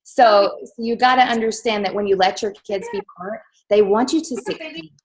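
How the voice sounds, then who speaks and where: A woman co-hosting a business talk, who tells stories to the audience in an animated, chatty way full of fillers. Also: medium pitch, normal speed, low-quality recording. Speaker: host. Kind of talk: storytelling to an audience.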